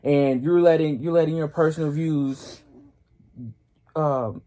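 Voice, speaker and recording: A woman's voice: low voice, steady tone, measured pace, dark tone. A woman chatting in a vlog, speaking firmly and critically while backing up the other speaker. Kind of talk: casual chat in a vlog.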